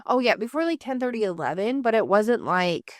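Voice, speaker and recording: Brisk and a little high, with lively intonation, this woman's voice comes through with no echo. She's a podcast co-host who chats casually, rambling through everyday stories and swearing often.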